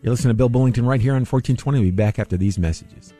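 A man's voice: mid-range voice, very fast, mellow, faint music behind. An older man from Northeast Ohio hosting a radio talk show, rambling casually and chuckling at his own jokes. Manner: rambling, chuckling, self-deprecating. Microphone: studio microphone.

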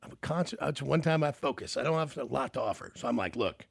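A man's voice: medium pitch, animated, fast talker, gravelly, slightly rough. A man hosting a morning radio show, joking and teasing callers in rambling banter from the studio.

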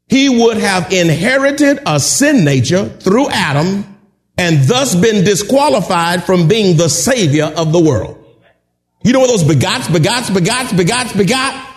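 A man preaching a sermon, emphatic and animated, at times shouting and chuckling as he drives his points home. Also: high voice. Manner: drawn-out, emphatic delivery.

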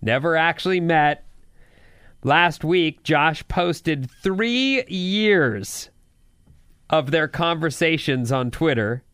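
A man's voice: a little high, expressive, slow pace, fairly bright tone, clean tone, no echo. A man co-hosting a morning radio show, telling a story in playful banter and laughing easily. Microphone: studio microphone.

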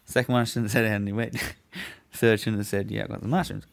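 A man's voice: fairly low pitch, steady tone, quick pace, vocal fry. A young man telling a story in casual chat, laid-back, swearing freely and laughing as he goes.

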